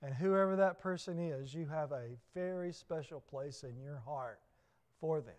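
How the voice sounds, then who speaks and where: High-pitched Southern preacher, emphatic. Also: male voice, normal speed, darkish tone. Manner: emphatic preaching with repeated phrases and questions. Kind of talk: sermon.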